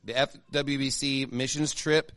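A man's voice: medium pitch, fairly even intonation, measured pace, a bit bright, dry recording. A man, a pastor giving church announcements in a casual, chatty way with many fillers and restarts. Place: church sanctuary.

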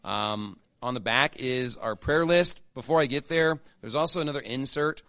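A man's voice: medium pitch, moderate pace, pushed and bright, no echo. A man, a pastor giving church announcements in a casual, chatty way with many fillers and restarts. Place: church sanctuary.

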